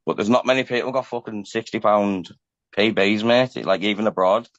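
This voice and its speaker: A man's voice: on the low side, moderate pace, a bit bright, no echo, muffled recording. A man, chatting casually as a podcast guest and tacking "mate" onto nearly every sentence. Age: 30s. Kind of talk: casual chat.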